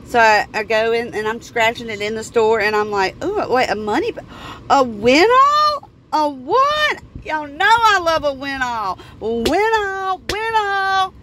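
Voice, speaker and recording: Bubbly high-voiced woman. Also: expressive, moderate pace, hardly any pauses, a bit bright, slight background noise. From Florida. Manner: squealing, bubbly, talks to viewers as y'all. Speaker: lottery vlogger. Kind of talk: excited casual vlog.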